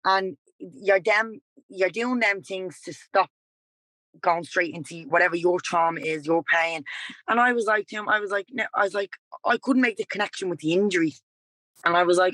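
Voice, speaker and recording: Speaking as a podcast guest, this Irish yoga and dance teacher in her twenties, with a Dublin accent, rambles candidly and animatedly through a personal story, leaning on "like" and "he was like." She has a fairly low voice at a moderate pace, with no echo but rough audio.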